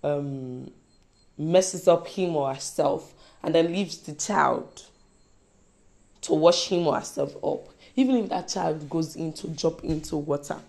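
Slow gravelly woman preaching. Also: sits low. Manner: emphatic, repeats lines, swings between loud and soft. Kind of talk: sermon.

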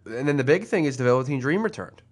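A man co-hosting a podcast in casual chat, teasing and excitable. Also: medium pitch, fast talker. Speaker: podcast co-host.

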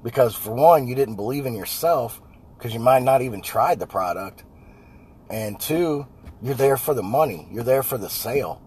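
A man's voice: medium pitch, lively intonation, moderate pace, darkish tone, slightly rough. A man, a house painter giving a blunt, folksy motivational talk about sales. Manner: blunt, folksy, repeats "right?" and "I guarantee". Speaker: house painter and business owner.

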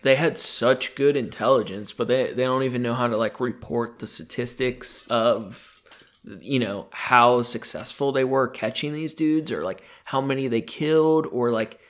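A man co-hosting a casual podcast in a studio, talking in a laid-back, profane way and often trailing off quietly at the ends of thoughts. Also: mid-range voice, moderate pace. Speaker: podcast co-host. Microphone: studio microphone.

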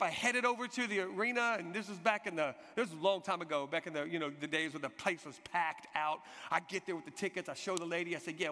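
A man preaching a sermon, telling an animated personal story and acting out the people in it. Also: a little high. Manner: animated storytelling, shouts acted quotes. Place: church hall. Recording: long hall reverb.

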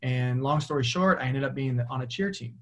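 A man in his thirties, a football coach, telling stories in an interview with lively acted-out quotes and frequent laughter. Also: mid-range voice, fairly quick. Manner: animated, acts out quoted voices, laughs often. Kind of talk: storytelling in a podcast interview.

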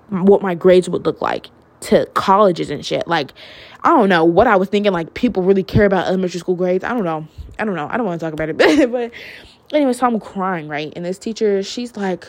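A woman's voice: on the low side, expressive, a little fast, a little mellow. A young adult woman hosting her own podcast, talking in a candid, chatty way, filling her talk with "like" and "literally" and laughing now and then. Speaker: podcast host. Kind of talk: casual solo podcast monologue.

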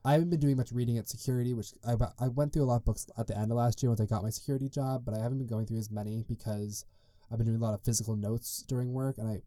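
Rapid-fire yet mellow, this young man's medium-pitched voice stays fairly even as he hosts his solo podcast. His casual storytelling rambles along with frequent "like" and side tangents, in a dry, clean studio recording.

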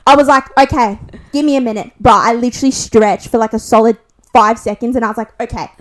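Young woman, Australian accent, podcast co-host, casual gossip storytelling, foul-mouthed, animated, slightly high voice. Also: quick pace. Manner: animated, swears constantly, acts out quotes.

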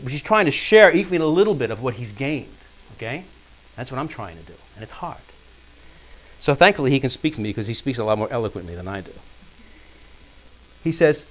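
A man teaching a Bible study. He reads quoted passages slowly and emphatically, then explains them in quick, plain asides and often checks whether his listeners follow. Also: medium pitch, very animated. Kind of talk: teaching sermon with read-aloud quotes.

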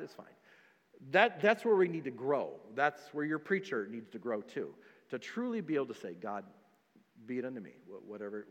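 A pastor preaching a sermon, emphatic and repetitive, dropping to quiet stretches between louder ones. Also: male voice, on the high side, big-room sound. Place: church sanctuary.

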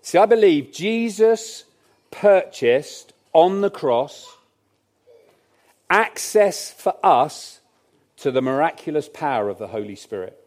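Conversational male preacher, fairly high voice. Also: very animated, slow, darkish tone. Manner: conversational, jokey asides, emphatic. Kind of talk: sermon. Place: church.

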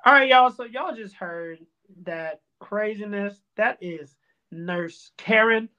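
A man's voice: high voice, slow pace. Man hosting a casual podcast, dull lo-fi audio. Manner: animated, joking, riffing on news. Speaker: podcast host. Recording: dull lo-fi sound.

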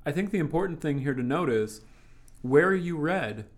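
A man co-hosting a casual podcast, chiming in with quick affirmations and dry jokes. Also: fairly high pitch, expressive. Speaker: podcast co-host.

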